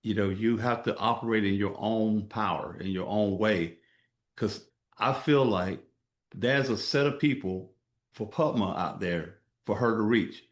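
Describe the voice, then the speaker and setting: A man with a fairly low voice hosts an interview in a reflective, affirming way. His voice carries the echo of a roomy space. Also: unhurried. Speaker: interview host. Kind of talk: interview conversation. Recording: echoey room.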